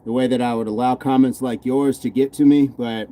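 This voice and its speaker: Between sets on his fitness stream, a relaxed American host reads out comments and responds to chat. His medium-pitched voice is warm and fairly even in intonation, and he talks fairly quickly.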